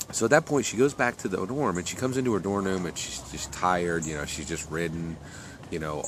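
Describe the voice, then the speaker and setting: A man with a very low voice narrates a story off the cuff, stopping and restarting often and filling gaps with ums and you-knows. A faint hiss of noise sits under the recording. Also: a bit bright. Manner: rambling, many fillers and restarts. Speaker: author telling his story.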